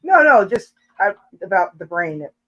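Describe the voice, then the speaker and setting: A woman's voice: mid-range voice, very animated, normal speed, fairly bright tone, muffled recording. Laughing, teasing woman livestream host. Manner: jokey and teasing, laughs often between lines. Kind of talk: casual live chat.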